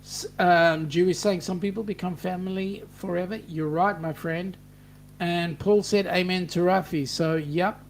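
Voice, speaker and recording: A middle-aged man with an Australian accent hosts a casual live chat, rambling warmly through stories and reading out viewer comments with many ums and restarts. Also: high-pitched, steady tone, unhurried, slight background noise. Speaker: host of a cruising livestream.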